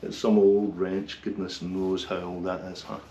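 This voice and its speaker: A man working on an old car engine and talking to himself, muttering quietly, with bursts of excitement. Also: deep voice, measured pace, highs cut off. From Scotland. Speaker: car restorer. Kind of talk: casual workshop commentary. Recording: roomy, distant, noisy workshop sound.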